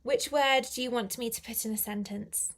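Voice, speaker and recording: A woman's voice: on the high side, steady tone, normal speed. A woman teaching a live online English lesson, chatty and encouraging as she answers viewer comments.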